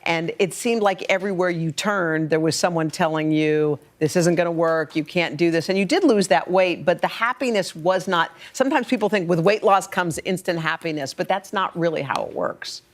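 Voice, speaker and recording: A woman's voice: on the low side, normal speed, few pauses. A woman hosting a morning show, framing her guest's story in an affirming way. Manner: warm, affirming, many soft murmurs. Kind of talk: interview questions.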